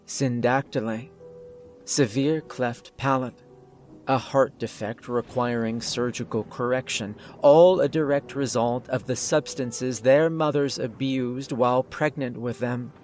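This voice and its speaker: Sinister polite doctor, cool and measured, read by a male narrator. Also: medium pitch, fairly even intonation, darkish tone, soft background music, lightly acted. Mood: coldly polite. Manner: polite, measured, clinically detached. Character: calm menacing older male doctor, clinical.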